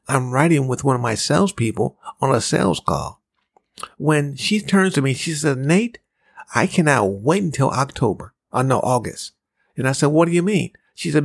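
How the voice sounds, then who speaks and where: Measured man giving a sales pep talk. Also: mid-range voice, creaky, no echo, studio quality. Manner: measured, repetitive, acts out dialogue in his story. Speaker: sales trainer and podcast host. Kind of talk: motivational talk with a personal story.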